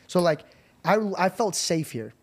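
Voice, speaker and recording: A man hosting a podcast, telling a story in a casual, animated way, swearing often and calling people bro. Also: high voice, unhurried. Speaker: podcast host.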